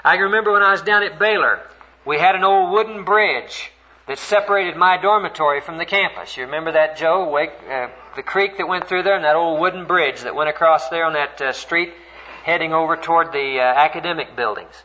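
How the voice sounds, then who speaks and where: Preaching a sermon, an older man tells a story earnestly and with animation, his voice climbing high whenever he's stirred. He speaks fairly quickly, and the recording is dull and lo-fi.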